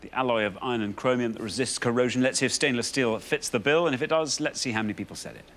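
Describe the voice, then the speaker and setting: A man's voice: medium pitch, quick pace, a bit bright, a little hiss or hum. A man hosting a television quiz show, reading clues aloud in a playful manner in a studio.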